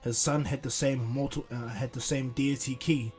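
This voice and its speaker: A man's voice: medium pitch, fairly even intonation, normal speed, darkish tone, faint music behind, natural voice. A man voicing a proud warrior prince, speaking curtly and haughtily. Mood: haughty.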